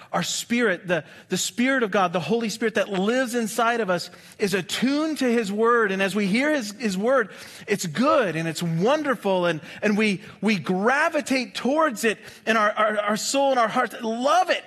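A man preaching a sermon in a conversational, humorous way, with quick asides to the congregation. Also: high voice, lively intonation, a bit bright. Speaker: pastor.

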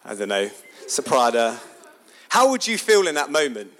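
A man's voice: mid-range voice, normal speed. A man giving a chatty, sermon-style talk, asking his listeners questions as he builds a story. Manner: animated, chatty, asks the audience questions.

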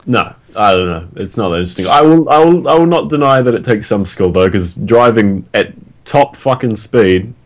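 Lowish-voiced New man, dry. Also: animated, moderate pace. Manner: dry, wry asides with swearing. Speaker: podcast co-host. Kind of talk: casual podcast chat.

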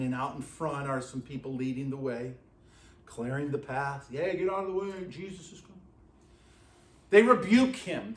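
A male pastor preaches with emphatic, repeated phrases, sometimes sinking to a quiet intensity. His voice sits fairly high and his delivery is slow and deliberate. The sound carries the reverb of a church room. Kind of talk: sermon. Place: church sanctuary.

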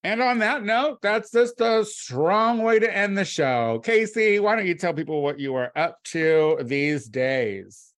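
A man co-hosting a casual comedic podcast, excitable and quick to jump up in pitch when amused. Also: no room sound. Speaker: podcast co-host.

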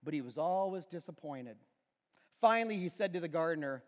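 A man's voice: fairly high pitch, fairly quick, big-room sound. A middle-aged male pastor preaching a sermon, telling a story about his son with self-deprecating humor in a church auditorium.

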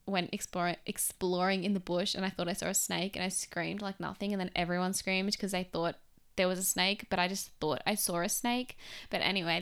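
A young woman hosting a podcast, telling a personal story in a chatty, expressive way with many fillers. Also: medium pitch, clean tone. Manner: chatty and expressive, heavy use of "like". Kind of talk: casual storytelling monologue.

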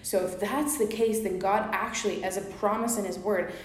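A woman's voice: mid-range voice, fairly even intonation, normal speed. A woman co-hosting a faith podcast, explaining scripture in an earnest, casual way with many fillers. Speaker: podcast co-host. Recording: very echoey room with faint ambience.

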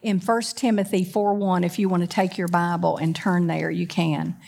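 This female preacher has a fairly low, creaky voice with little pitch movement. Her sermon moves between loud emphasis and quick conversational remarks, and she often questions the congregation directly.

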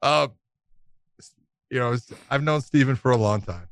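A man's voice: mid-range voice, normal speed, no echo. Laughing, swearing man telling a story. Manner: animated, laughs through his story, swears freely. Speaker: podcast co-host telling a story. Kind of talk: casual storytelling.

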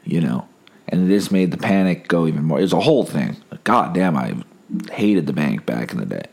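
Deep-voiced sick young man rambling. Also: lively intonation, moderate pace, gravelly, darkish tone. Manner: rambling, wry storytelling. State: sick, holding back coughs. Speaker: podcast host. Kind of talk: casual solo podcast monologue.

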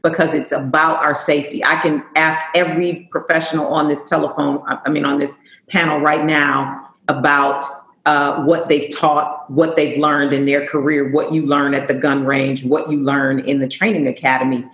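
A woman's voice: deep voice, little pitch movement, moderate pace, fairly bright tone, roomy sound, rough recording. A woman police chief answering on a panel, earnest and emphatic, often repeating words as she thinks.

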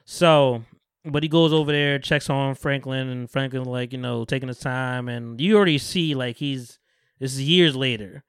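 A podcast host chatting casually, retelling a TV episode with lots of slang and acting out the characters' lines. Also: male voice, mid-range voice, moderate pace, smooth, no echo, clean studio sound. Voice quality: profane, loose slang-heavy delivery. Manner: animated storyteller, acts out characters' lines in voices. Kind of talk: casual chat recapping a TV show.

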